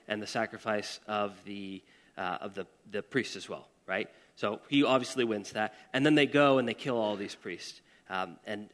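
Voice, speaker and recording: A man's voice: mid-range voice, fairly bright tone, in a large hall. A man preaching a conversational sermon to a church audience, chatty and casual, with asides and questions to the room. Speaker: pastor. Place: church service hall.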